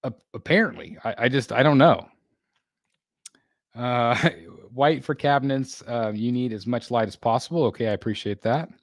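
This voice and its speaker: Halting male livestream host, dry sound. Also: mid-range voice, no echo. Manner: halting, many fillers and restarts, laughs often. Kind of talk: casual live chat reading viewer comments. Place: home room being built.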